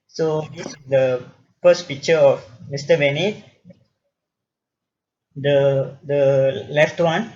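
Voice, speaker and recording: A man student giving a class presentation, explaining slowly and carefully. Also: fairly high pitch, a little mellow. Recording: dull lo-fi with faint noise.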